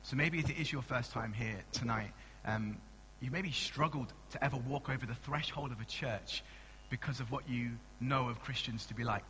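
A young man, a pastor giving a conversational sermon with animated asides and frequent restarts. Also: medium pitch, normal speed, in a large hall, slight background noise, rough recording. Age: young adult.

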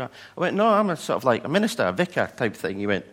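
A man's voice: mid-range voice, fast. A man preaching a sermon, telling personal stories and acting out the people in them. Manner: storytelling, animated voices for quoted people. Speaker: pastor.

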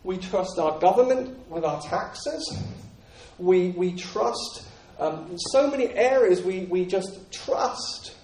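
A man's voice: sits high, animated, takes it slowly, darkish tone, slight background noise. A man preaching a sermon in an earnest, repetitive way with frequent restarts. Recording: echoey room, voice from a distance.

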